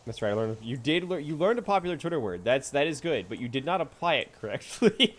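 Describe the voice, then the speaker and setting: Playful streamer man, lively pitch. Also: fast, hardly any pauses. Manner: playful, teasing, often laughing. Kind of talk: casual gameplay chat.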